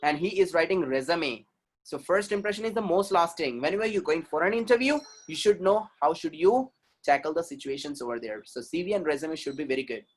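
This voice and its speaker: In a lively, quick, slightly rough voice pitched fairly high, an Indian-accented communication trainer presents a webinar. He drives his points with emphasis and repetition, peppering the audience with rhetorical questions.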